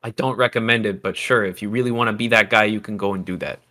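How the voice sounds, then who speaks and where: A man teaching music production in a casual livestream, loose and chatty with asides to the chat, a little hoarse as he is losing his voice. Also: lowish voice, fairly even intonation, fast talker, sharp tone.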